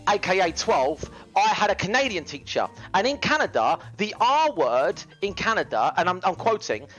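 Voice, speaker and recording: A man's voice: high voice, very animated, moderate pace, a bit bright, soft background music, poor audio. A British man livestreaming, telling rambling slangy stories with plenty of swearing. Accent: British English. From United Kingdom. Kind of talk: casual livestream chat.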